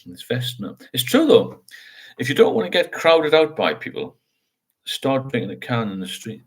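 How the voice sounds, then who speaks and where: An older man hosts a casual livestream, reading viewer comments aloud and chatting frankly while rambling, often closing his lines with tag questions. His voice is medium-pitched and slightly rough, very animated, and moves at a normal speed.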